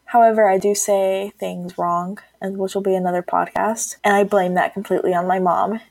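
A woman's voice: medium pitch, little pitch movement, normal speed, vocal fry, a little mellow, no room sound. A woman from Texas chats on her podcast in a loose, casual way. She laughs often and swears without a second thought. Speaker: podcast co-host. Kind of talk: casual chat.

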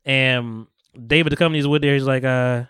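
A man's voice: mid-range voice, fairly even intonation, moderate pace, fairly bright tone, clear, resonant tone, no echo. A man hosting a podcast, casually retelling film scenes and acting out the quotes with lots of laughter. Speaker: podcast host. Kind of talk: casual chat.

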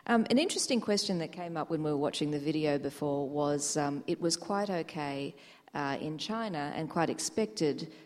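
A woman moderating a panel, putting brisk, upbeat questions to each guest. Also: low-pitched, animated. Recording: echoey hall with faint audience.

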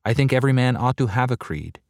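A man preaching a sermon to a large crowd, earnest and measured, driving points home with slow, emphatic repetition. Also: medium pitch, animated, no room sound, clean studio sound. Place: large hall before a crowd.

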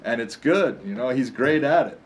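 A man co-hosts a casual combat-sports talk show as a fight commentator, telling stories animatedly and laughing often. His mid-range voice has lively intonation and a normal speed.

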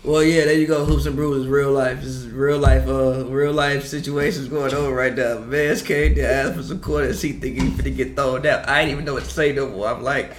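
A man's voice: medium pitch, fairly even intonation, moderate pace, few pauses, slight background noise. A man co-hosting a casual basketball podcast, loose and profane, laughing often. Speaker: podcast co-host.

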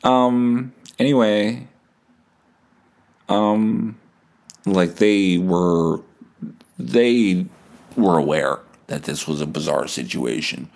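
Low-pitched, gravelly, and a little mellow, a podcast host in his thirties takes his time telling a comic story. His monologue rambles and digresses, self-deprecating and sprinkled with profanity.

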